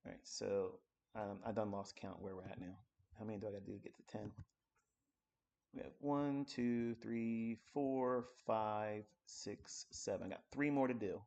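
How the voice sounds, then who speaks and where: A man's voice: lowish voice, moderate pace, vocal fry, a little mellow, lo-fi sound. A man giving a live-streamed trading lesson, talking bluntly and coarsely while working through charts at his computer. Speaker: trading educator.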